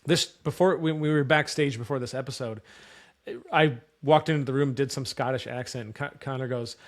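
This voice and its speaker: A man's voice: medium pitch, fairly even intonation, normal speed. Laid-back curious man. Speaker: podcast co-host. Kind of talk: casual podcast chat.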